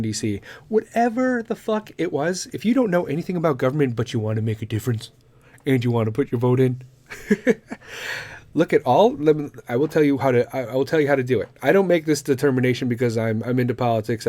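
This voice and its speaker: A middle-aged podcast host from Illinois launches into a profane comedic rant packed with swearing and bursting into shouted impressions. His voice is mid-range, with no room sound.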